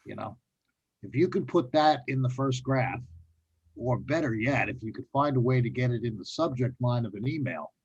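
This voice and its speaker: Husky male panelist, New York accent, lo-fi webinar audio. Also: mid-range voice, normal speed.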